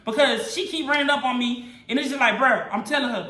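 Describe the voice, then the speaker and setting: A woman's voice: sits high, a little fast, hardly any pauses, echoey room, heavy background noise. A woman vlogger telling a personal story to camera in an emphatic, profane, slangy way. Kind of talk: storytime monologue.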